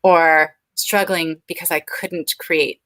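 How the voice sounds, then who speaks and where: Frank, bright-voiced woman in her forties. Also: sits low, fairly even intonation, takes it slowly, no echo, poor audio. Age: 40s. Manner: frank, earnest and open. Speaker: guest, speech-language pathologist. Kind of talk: candid interview talk.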